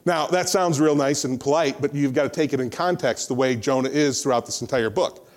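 A man preaching a sermon, retelling a scripture story in an animated, conversational way and acting out the voices. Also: mid-range voice, a little fast. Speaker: pastor.

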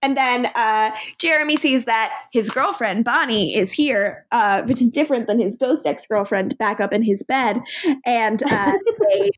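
Brief: young woman podcast co-host, higher voice, giggly recapper who mimics characters. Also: unhurried. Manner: laughing often, acts out characters' lines, swears casually. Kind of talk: casual chat recap.

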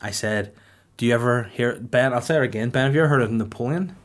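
Deadpan man, podcast host. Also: medium pitch, fast talker. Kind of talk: casual podcast chat.

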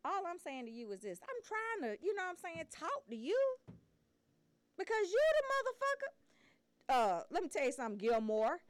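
A woman telling a story in casual chat, animated and profane, breaking into loud outbursts. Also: extremely high pitch, moderate pace, no room sound.

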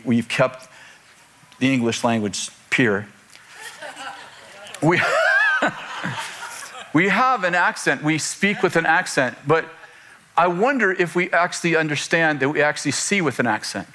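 A man's voice: on the high side, pushed and bright. An older man preaching a sermon to a congregation, in a conversational style with joking asides and chuckles. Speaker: pastor. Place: church before a congregation.

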